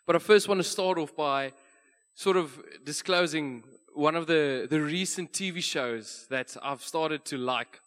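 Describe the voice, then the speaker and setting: A man with a South African accent preaching a church sermon in a relaxed, conversational storytelling manner. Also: mid-range voice. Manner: conversational storytelling, light laughs. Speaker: pastor.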